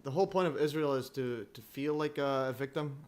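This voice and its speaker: A man hosting a livestream in casual chat, halting and full of restarts, chuckling often as he talks. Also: mid-range voice, background noise. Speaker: livestream host.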